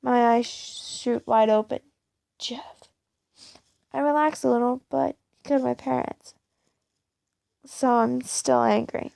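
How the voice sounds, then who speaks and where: Woman reading a fan story aloud, first person, gravelly, slow, fairly high, dark tone, dry close sound. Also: fairly even intonation, no echo. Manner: plain, unhurried reading. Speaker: reader of fan fiction.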